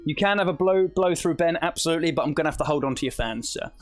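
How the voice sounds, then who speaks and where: A man's voice: a little high, fast, noisy background. A man from the south of England with an Essex accent, chatting casually as a streamer while explaining a task and reading chat aloud. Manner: chatty, reads chat aloud, laughs often. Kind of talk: live-stream tutorial chat.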